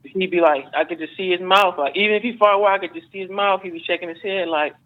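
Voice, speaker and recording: A man's voice: sits high, fairly even intonation, fast. A man being interviewed as a fighter, telling stories in a rambling, casual way with lots of fillers and swearing. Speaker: MMA fighter guest. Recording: phone-like narrow band.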